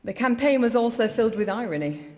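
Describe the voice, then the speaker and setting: Standing at a lectern in the election count hall, the middle-aged new mayor speaks quickly and with animation, her voice on the high side yet mellow. Her victory speech is emphatic, built on rallying declarations. A long reverb fills the large hall.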